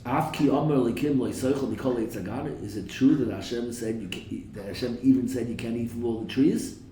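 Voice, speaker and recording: A man leads a Torah class, reading verses in Hebrew and turning them into English while he quizzes the room. His voice is mellow and relaxed. The room is roomy and echoey, with a faint hiss behind him. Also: mid-range voice, brisk, recorded from a distance. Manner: questions the class, quotes verses in Hebrew then translates; slips in jokes. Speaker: Torah teacher. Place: classroom with a live audience.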